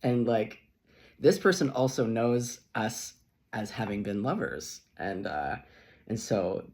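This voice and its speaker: A man's voice: on the low side, lively intonation, slow pace, a little mellow. A man reading tarot who tells a long, rambling personal story in a chatty vlog, swearing casually and laughing often. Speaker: tarot reader.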